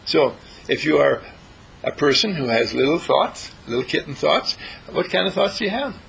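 A man with a husky voice giving a spiritual talk, playful and questioning, asking his listeners things. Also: very animated, normal speed, fairly bright tone, poor audio. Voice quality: husky and gravelly. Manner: playful, questioning, with big swoops in pitch.

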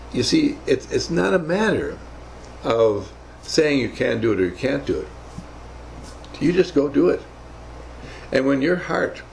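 A man's voice: medium pitch, vocal fry, slight background noise, low-quality recording. An older man telling rambling, emphatic stories from his navy days in a motivational talk. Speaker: speaker recounting navy service.

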